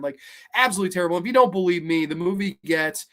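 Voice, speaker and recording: A man's voice: high voice, very fast, a bit bright. A man hosting a podcast, giving a blunt, profane, rambling casual movie review with plenty of fillers. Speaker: podcast host.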